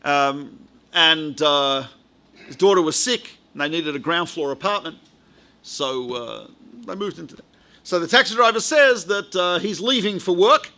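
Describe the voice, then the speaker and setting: A man's voice: on the high side, a little slow, pushed and bright. A male rabbi giving a lecture, telling anecdotes in a chatty way with frequent asides to the audience. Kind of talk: storytelling lecture.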